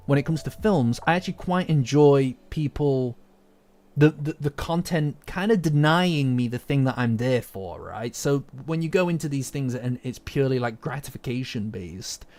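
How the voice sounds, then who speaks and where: Over faint lo-fi music, this anime commentator from Britain talks to his stream viewers in a mid-range, expressive, slightly dark voice. His casual chat wanders, turns profane, and flares into agitation fast.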